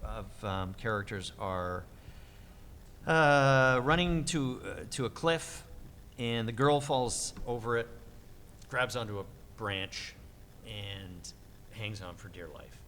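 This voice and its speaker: Animated middle-aged male voice actor. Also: slow, long reverb tail, a little hiss or hum. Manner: animated, lively pitch swings, acts out quotes. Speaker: voice actor guest. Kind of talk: convention interview storytelling.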